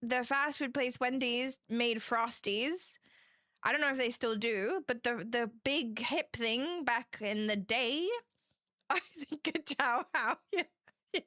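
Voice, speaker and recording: Woman streamer, bright, fairly high voice, giggly chat, dry close sound. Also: slow, dry recording. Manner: giggly and chatty, laughs often; reads viewer messages aloud. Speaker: livestreamer. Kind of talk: casual chat with a live audience.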